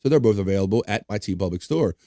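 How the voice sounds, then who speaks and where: A man's voice: fairly low pitch, fast talker, dry recording, studio quality. Jokey man hosting a livestream. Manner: animated, jokey, swears casually. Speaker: livestream host. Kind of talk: casual chat, reading viewer comments.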